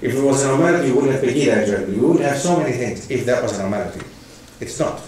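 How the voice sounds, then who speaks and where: A man's voice: medium pitch, animated, racing, darkish tone, slight background noise. A man giving a public lecture, emphatic and full of rhetorical questions. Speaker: guest lecturer. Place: lecture hall. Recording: echoey hall from far off.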